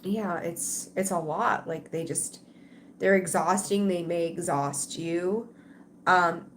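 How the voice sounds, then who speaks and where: Rambling, low-voiced woman reading tarot live. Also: slight background noise. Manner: rambling and conversational, talks straight to viewers. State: tired, yawning. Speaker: tarot reader.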